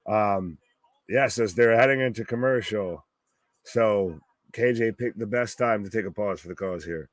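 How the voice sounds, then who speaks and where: Chatting casually as host of a live wrestling watch-along stream, a man jokes, swears without restraint and laughs at his own remarks. His voice is lowish and a little slow, with no room sound.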